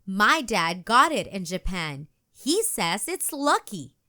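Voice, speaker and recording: A woman reading aloud, voicing a spunky, sassy little schoolgirl who talks brightly and emphatically. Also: mid-range voice, big pitch swings, takes it slowly, heavily acted. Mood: eager.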